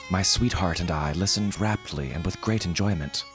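A man's voice: low-pitched, normal speed, music in the background. A man narrating a humorous fantasy story in a wry, formal storytelling manner. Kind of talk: scripted fiction narration.

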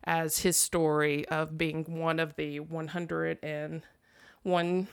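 A woman's voice: low-pitched, flat delivery, slow, vocal fry, clear, resonant tone, no echo. Chatty woman co-host. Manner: chatty, lots of "like" fillers. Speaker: podcast co-host. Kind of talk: casual chat, storytelling. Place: home basement.

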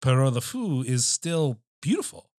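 Halting, thoughtful male film-podcast host. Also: mid-range voice, sing-song, darkish tone, dry recording, clean studio sound. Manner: thoughtful, halting, many restarts and fillers, swears casually. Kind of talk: casual film discussion.

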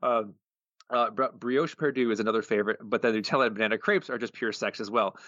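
A man co-hosting a podcast, rattling through listener answers at a brisk clip with a sharp, tense edge to his voice. He chuckles easily between entries. The audio is dry and slightly muffled. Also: fairly low pitch, no room sound. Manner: quick, chuckling delivery. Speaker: podcast co-host. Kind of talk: casual podcast chat, reading listener answers.

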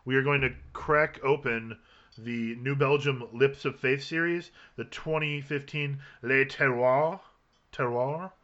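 Male podcast host, mid-pitched, bright tone, dry wit, dull lo-fi recording. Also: fairly even intonation, a little slow. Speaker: host of a fantasy football podcast. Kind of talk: casual chat.

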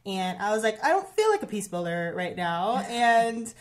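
A woman in her thirties tells a personal story in a relaxed conversation. She speaks earnestly and often restarts, leaning on "like" and "um". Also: medium pitch, moderate pace. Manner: earnest, heavy use of "like" and "um", many restarts. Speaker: guest sharing a personal story.

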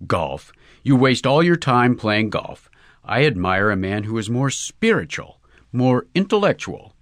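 A man's voice: medium pitch, big pitch swings, a little slow, dry recording, clean studio sound. Man reading a prim, haughty young woman. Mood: scornful. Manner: prim, superior, scornful.

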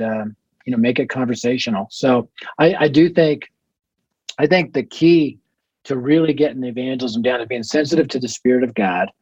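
A man, a ministry leader as guest on a podcast interview, who tells energetic stories and acts out conversations. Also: medium pitch, husky, no echo, highs cut off. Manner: energetic storyteller acting out conversations.

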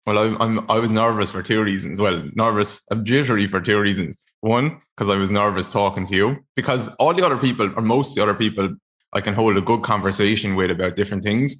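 A man's voice: fairly low pitch, quick pace, fairly bright tone. An Irish man hosting a podcast in casual chat, rambling and self-deprecating, often stumbling over his words. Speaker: podcast host.

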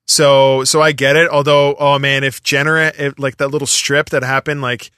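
A man with a bright, forceful voice talks casually and tells a rambling story. His fillers pile up as he gets into it. The sound is dry and close. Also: medium pitch, level tone, moderate pace, smooth, no echo. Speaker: podcast guest. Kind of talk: casual chat.

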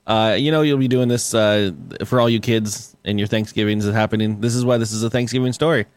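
A man's voice: on the low side, fairly even intonation, fairly quick, clean tone, dry recording. A man co-hosting a podcast in crude, casual chat, swearing often and breaking into laughter. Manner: swearing, laughing, acting out silly voices. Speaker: podcast co-host.

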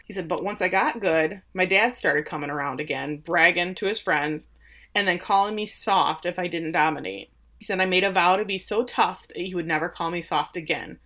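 Bright-voiced woman animatedly retelling. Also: on the low side, fairly quick. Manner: animated storytelling, acts out quoted lines. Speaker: podcast co-host. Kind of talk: casual chat recapping a show.

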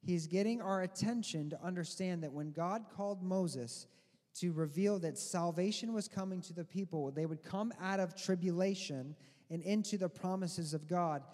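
A man preaching a sermon, teaching his congregation in an emphatic way and slowing down to stress key words. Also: high voice, darkish tone. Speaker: pastor. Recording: long hall reverb.

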